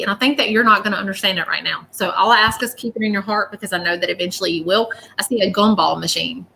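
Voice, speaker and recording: A woman's voice: medium pitch, sharp tone, slight background noise. A woman giving a live psychic reading, earnest and reassuring, often repeating her words. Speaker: psychic medium.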